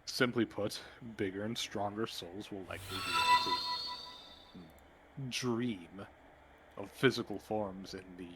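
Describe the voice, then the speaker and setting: A man voicing a weary, exasperated older male mentor in a tabletop game, dry and low-key. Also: slow, over loud music, poor audio.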